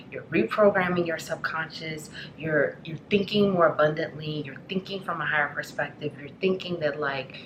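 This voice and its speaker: A woman giving a spiritual tarot reading in an affectionate, rambling way, full of "like" and "you know", at times dropping into soft whispers. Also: sits low, moderate pace, few pauses, reverberant, noisy background. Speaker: tarot reader.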